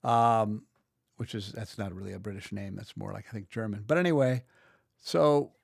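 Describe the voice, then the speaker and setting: Gravelly-voiced man thinking aloud. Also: lowish voice, normal speed, dry recording, studio quality. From United States. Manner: rambling, thinks aloud, restarts sentences. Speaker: audiobook narrator and video creator. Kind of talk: casual screen-recording walkthrough.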